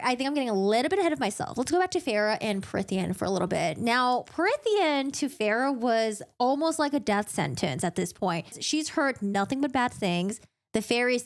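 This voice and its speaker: A woman recapping a fantasy novel in a chatty, animated way, interrupting herself and laughing often. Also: a little high. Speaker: streamer recapping a book. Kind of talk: casual book recap.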